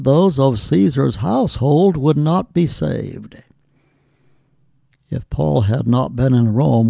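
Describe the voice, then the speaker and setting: Slow, gravelly man preaching a sermon. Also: medium pitch, dark tone, no room sound. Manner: slow, emphatic preaching with rising exclamations.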